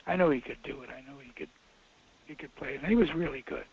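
Older man, raised pitch, husky rasp, rambling interview anecdotes, dull muffled audio. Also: lively intonation, fast, darkish tone. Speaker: film director interviewed. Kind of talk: casual interview storytelling.

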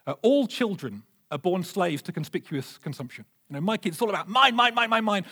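Pastor, male, 30s, higher-pitched voice, lively and funny storyteller in the pulpit. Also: husky. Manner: animated, humorous storytelling. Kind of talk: sermon.

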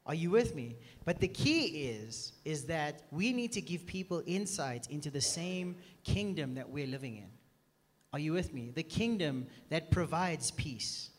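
A man's voice: on the high side, expressive, unhurried. A man preaching a sermon with emphasis, often checking that the room is with him, in a church meeting room. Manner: emphatic, keeps asking "are you with me". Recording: long reverb from a hall.

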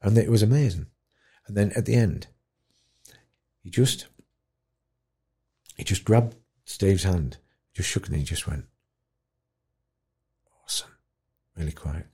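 A man telling an emotional story, animated and dropping to a hush at tender moments. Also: lowish voice, unhurried, pauses often, slightly rough. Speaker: guest musician in care.

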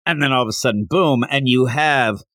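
A man hosting a podcast, casually retelling a manga chapter in an animated way and now and then slipping into character voices. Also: mid-range voice, fairly quick, no echo, clean studio sound. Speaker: podcast host.

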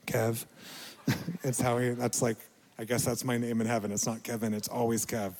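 A middle-aged male pastor giving a reflective, confessional sermon, with quiet dips to near a whisper. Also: mid-range voice, little pitch movement, fairly quick, big-room sound.

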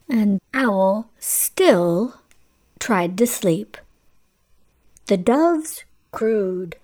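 Slow sing-song woman reading bedtime stories. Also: mid-range voice, expressive. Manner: slow, sing-song, drawn-out storytelling with playful questions to listeners. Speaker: children's story hour host. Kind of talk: bedtime story narration for children.

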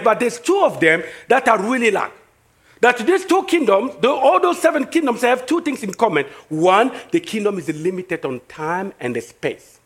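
A man with a French-speaking Congolese accent delivers a sermon in a high, bright-pitched voice. He preaches emphatically, building with repeated phrases into excited preaching. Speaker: pastor.

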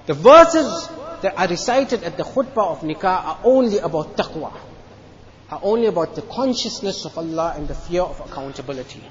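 A man's voice: sits high, animated, moderate pace, dull audio. A man giving a Friday sermon in a mosque, earnest, often repeating his phrases as he makes his points. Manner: earnest, repeats phrases, tells a joke story. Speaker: mufti giving Friday lecture.

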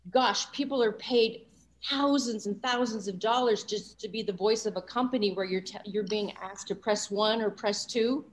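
A woman's voice: medium pitch, normal speed. Enthusiastic sixty-year-old woman guest. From Los Angeles, USA. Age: 60s. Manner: animated, enthusiastic, frequent fillers. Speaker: guest voice actor. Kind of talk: casual interview chat.

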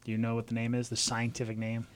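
A relaxed man on a casual podcast, unwinding a long weather story at an easy pace. He chuckles through his tale and lets his medium-pitched voice wander comfortably. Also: fast, smooth. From Southern California. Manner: laid-back storyteller, chuckles often. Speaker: podcast co-host, meteorologist.

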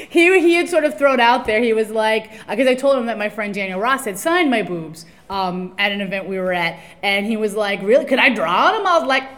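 A woman's voice: medium pitch, brisk. A woman co-hosting a live podcast panel at a convention, wry and teasing, laughing often. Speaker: podcast co-host.

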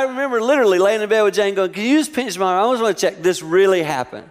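A middle-aged man preaching a sermon, telling family stories with lively acted-out voices. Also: fast, hardly any pauses. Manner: animated storytelling, acting out voices with high-pitched exclamations. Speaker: pastor.

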